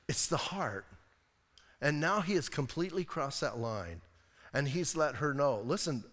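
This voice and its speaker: A male pastor preaching a casual, animated sermon, full of asides to his audience. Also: mid-range voice. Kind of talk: expository sermon. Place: church sanctuary. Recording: echoey church hall.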